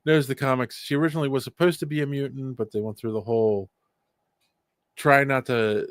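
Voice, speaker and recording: A man co-hosting a podcast in casual chat, teasing his partner in lively banter. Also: mid-range voice, no room sound, studio quality. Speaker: podcast co-host.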